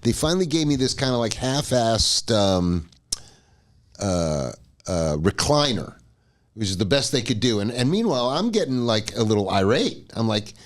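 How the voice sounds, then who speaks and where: A man spinning a story on a casual podcast, his voice swooping up and down as he goes. He swears freely and talks in an animated, chatty way. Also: medium pitch, normal speed. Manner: animated, profane, laughs mid-story. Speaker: podcast co-host.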